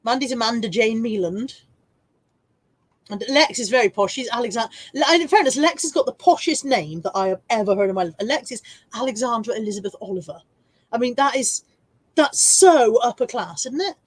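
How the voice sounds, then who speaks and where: This reseller livestream host is a woman from England in her forties with a slightly high voice, lively intonation and a normal pace, captured in a dry recording. Her talk is casual: she reads viewer comments aloud, mocks herself and laughs a lot.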